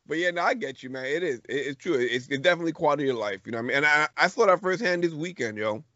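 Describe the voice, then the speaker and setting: This middle-aged man co-hosts a podcast, chatting casually and telling a story in slangy speech full of restarts. His voice sits fairly high and sounds pushed and bright, with no echo, on a dull lo-fi recording.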